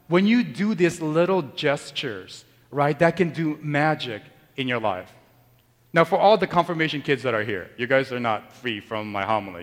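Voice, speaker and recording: A man's voice: on the high side, expressive, normal speed, a bit bright. A man preaching as a priest, talking conversationally and joking with the congregation. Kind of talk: sermon. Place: church. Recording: long church reverb.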